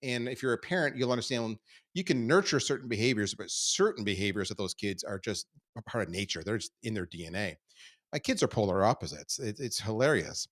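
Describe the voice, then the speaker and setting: A middle-aged man from Canada, a podcast guest, telling stories about his life in a candid, self-deprecating way that swings between quiet asides and loud bursts. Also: fairly low pitch, lively intonation, fairly quick. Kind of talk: candid conversational storytelling.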